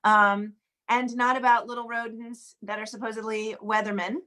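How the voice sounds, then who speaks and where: A woman with a notably high voice hosts a live sing-along over a video call. She chats warmly and casually, greeting one viewer after another by name. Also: flat delivery, normal speed. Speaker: host of an online sing-along. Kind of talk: casual welcoming chat. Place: home, in Washington DC.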